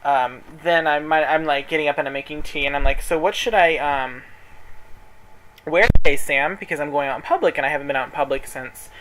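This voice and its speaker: A man's voice: a little high, fairly quick, a bit bright, a little hiss or hum, rough recording. A man telling a story in a casual vlog, chatty and sassy, dramatically quoting people while folding clothes at home. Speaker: vlogger. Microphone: camera in front of him.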